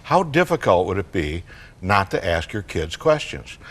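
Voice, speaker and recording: Animated man telling parenting stories. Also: low-pitched, moderate pace. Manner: animated storyteller, acts out kids and parents. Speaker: guest parenting author. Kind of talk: studio talk show conversation.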